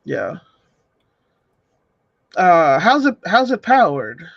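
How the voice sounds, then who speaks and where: A man's voice: sits high, very animated, very slow, vocal fry, lo-fi sound. A man co-hosting a casual live stream, chatting as he reads a comic aloud and throws in joking asides. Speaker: co-host.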